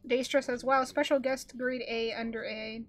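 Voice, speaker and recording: A woman's voice: a little high, fairly even intonation, normal speed. A young woman from New York streaming a game, chatting casually, teasing her partner, laughing often and reading viewer comments aloud on a headset mic. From New York, Manhattan. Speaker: streamer co-host.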